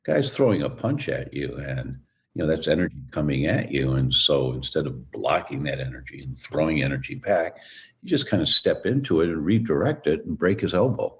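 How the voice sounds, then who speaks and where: A man telling stories as a guest in an interview, relaxed and acting out the voices of people he quotes. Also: extremely low pitch, moderate pace. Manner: relaxed storyteller who acts out quoted voices. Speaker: guest, chiropractor. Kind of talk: storytelling interview answer.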